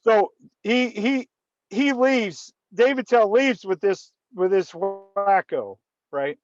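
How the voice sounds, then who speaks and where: A man's voice: sits high, slow pace, dry recording, muffled recording. A man telling a story in casual conversation, often restarting and repeating words. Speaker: guest storyteller.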